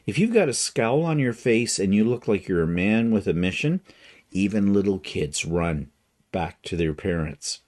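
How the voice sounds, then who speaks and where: An older man talks straight to camera in a relaxed, joking monologue, full of wry asides. His low voice swings widely up and down for emphasis. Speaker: quilting vlogger. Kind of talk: casual humorous monologue.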